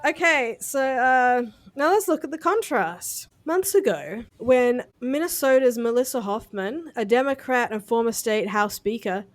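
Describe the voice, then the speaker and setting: A woman with a fairly high voice talks through the news as a podcast co-host. She is blunt and casual, swearing freely and laughing at her own jokes. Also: lively intonation, measured pace, hardly any pauses.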